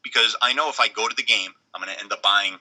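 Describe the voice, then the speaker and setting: A middle-aged man co-hosting a casual podcast chat, blunt and rambling with halting restarts. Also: fairly low pitch, sharp tone, low-quality recording. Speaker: podcast co-host.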